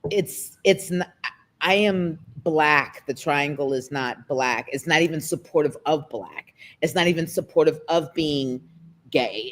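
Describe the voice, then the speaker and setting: Emotional woman guest. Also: deep voice. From United States. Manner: emotional, expressive, quick shifts in pace. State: near tears. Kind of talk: candid interview conversation.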